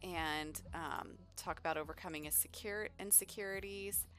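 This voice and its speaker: A woman's voice: lowish voice, steady tone, normal speed, a bit bright, faint music behind. A woman hosting a let's play, chatting in an upbeat, rambling way. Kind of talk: casual game commentary.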